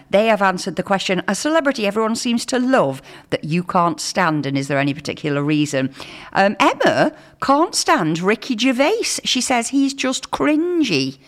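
A woman's voice: medium pitch, lively intonation, moderate pace. A woman hosting a local radio show in England, chatting casually and reading out listener texts. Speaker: radio presenter.

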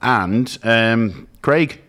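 A man's voice: medium pitch, extremely slow, fairly bright tone. A man co-hosting a podcast, giving blunt, opinionated takes in casual banter. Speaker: podcast co-host. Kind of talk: casual chat.

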